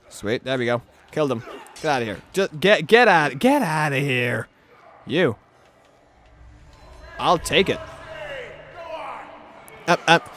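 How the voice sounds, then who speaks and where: A young man hosting a gaming channel, talking through his playthrough in a lively, sing-song voice that sits slightly high. He rambles, restarts his sentences, and throws sarcastic remarks at the characters on screen. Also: a little slow, long pauses, slight background noise. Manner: excitable, sarcastic asides to game characters. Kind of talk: let's play commentary.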